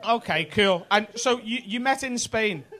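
A man doing stand-up crowd work in a comedy club, teasing the audience with quick banter. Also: sits high, bright, forceful tone. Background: audience laughter.

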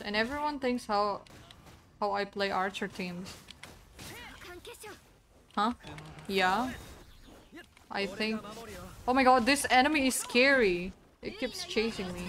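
A young woman chatting on a game live stream in a fairly high voice. She talks at an unhurried pace, playful and quick to giggle at her own word games. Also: fairly bright tone. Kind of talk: casual live-stream chat while gaming.

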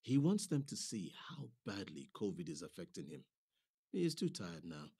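A man's voice: sits low, very animated, normal speed, a little mellow, breathy edge. A man performing a dramatic monologue as a nurse, telling a story vividly and switching between voices.

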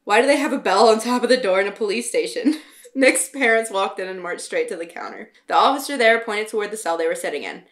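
A woman reads her own early novel aloud, pausing to mock it in wry asides. Her voice sits at a middle pitch. She moves easily between narration and casual commentary. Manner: wry, self-mocking asides. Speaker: author reading her old novel.

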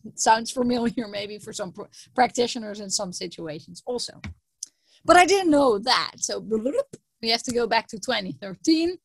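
A woman professor giving a conference talk in a lively storytelling way, often repeating words for emphasis. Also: fairly high pitch, gravelly, husky, no echo.

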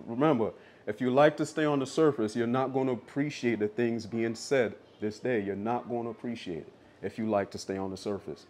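Male preacher, sermon, insistent, repeats phrases, mid-pitched voice. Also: mellow. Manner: insistent, repeats lines for emphasis.

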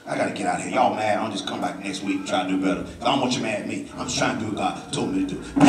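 A man preaching a sermon as pastor with a Southern US accent, swinging from low talk to shouting and calling on the congregation to answer. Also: sing-song, quick pace. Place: church sanctuary. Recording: roomy church sound from a distance, music behind.

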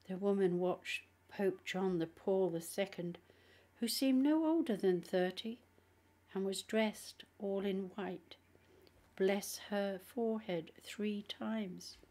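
A woman reading a nonfiction book aloud in a measured, careful way. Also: mid-range voice, a little mellow. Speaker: audiobook reader. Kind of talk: audiobook narration.

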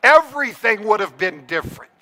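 A man with a high, ringing voice preaches in a church sanctuary, his words trailing into a long echo. He speaks earnestly and keeps turning to the congregation with direct questions. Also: sing-song, brisk, sharp tone. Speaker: pastor. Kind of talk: sermon.

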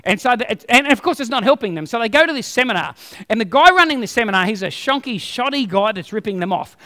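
A pastor delivers his sermon in a strikingly high, bright voice. He tells stories with animated humor, and the sound carries a long hall reverb. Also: fast.

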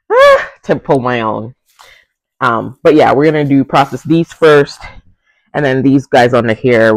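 A man chatting casually through a home garden vlog outdoors, excitable and talkative, often saying "y'all" while filming on a handheld phone. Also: medium pitch, vocal fry, dry recording. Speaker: garden vlogger.

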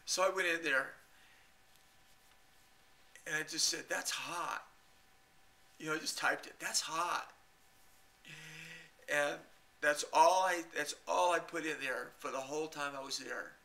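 A man telling a long rambling story to his camera, halting and repeating himself and chuckling often. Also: fairly high pitch, fairly even intonation, creaky, pushed and bright. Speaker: video blogger.

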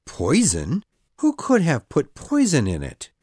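A woman voicing a brave young boy hero in an audiobook, in a lower, earnest boyish voice. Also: wildly swooping pitch, slow, mellow, slightly rough, no echo, clean studio sound, exaggerated voice. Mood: defiant. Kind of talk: audiobook reading.

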